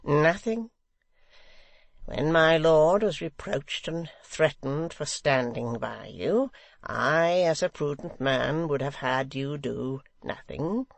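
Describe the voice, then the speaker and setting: A man's voice: on the high side, creaky, no echo. A man doing a cold, sneering secretary. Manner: measured and mocking, with cold sneers.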